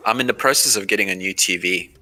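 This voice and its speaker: Chatty deep-voiced man gaming. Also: fast, sharp tone. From Australia. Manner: rambling, chatty, laughs often. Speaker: streamer. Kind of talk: casual gameplay chat.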